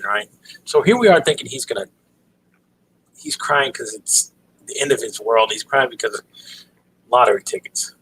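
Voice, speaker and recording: A middle-aged man hosting a casual livestream, telling a family story and reading jokes in a relaxed way, with lots of ums and "right?". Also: mid-range voice, moderate pace, long pauses, slightly rough, poor audio. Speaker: livestream host.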